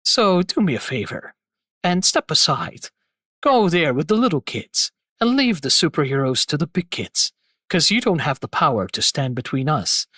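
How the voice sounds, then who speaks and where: A man voicing a sneering male villain who talks down to a hero, taunting him in a lowered voice. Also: big pitch swings, normal speed, sharp tone, husky, no echo, studio quality, exaggerated voice. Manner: condescending, taunting.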